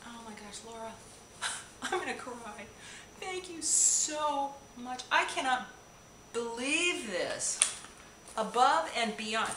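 A beauty vlogger with a fairly high, expressive voice speaks slowly and pauses often while unboxing a gift package. She gushes and gasps with delight at each piece. Recorded by a camera on a tripod, the room sounds echoey and noisy.

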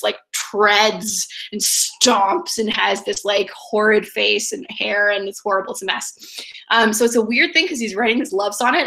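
A woman's voice: mid-range voice, creaky, fairly bright tone, poor audio. A woman teacher giving a chatty, filler-heavy recorded video lecture.

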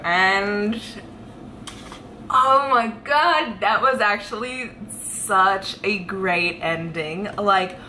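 A woman's voice: medium pitch, slight background noise, poor audio. Gushing young woman book vlogger. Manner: excited, gushing, rambling with many fillers. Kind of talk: casual reading vlog.

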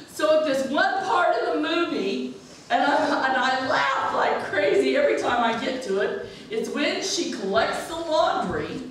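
Woman pastor, funny story-driven sermon, fairly high voice, recorded far off in a reverberant church. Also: a little hiss or hum. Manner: humorous animated storytelling. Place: church sanctuary. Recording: echoey church from a distance.

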